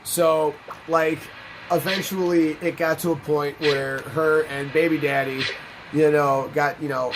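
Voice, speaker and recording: A man's voice: on the high side, a little slow, background noise. A man hosting a game playthrough, rambling through a long, profane personal story as he plays. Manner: rambling, profane, animated anecdotes. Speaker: let's play host. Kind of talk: casual gameplay commentary and storytelling. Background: game music.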